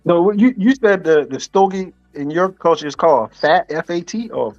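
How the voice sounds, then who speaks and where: A man's voice: a little high, lively intonation, moderate pace, a little mellow. A man with a Southern American accent joining a casual chat, laid-back and joking in short replies. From Southern United States. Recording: dull lo-fi stream audio with faint music.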